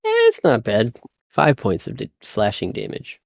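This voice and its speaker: A man playing a tabletop game, talking loudly and eagerly in casual play. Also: lowish voice, expressive, normal speed, vocal fry, no room sound, clean studio sound. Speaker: player.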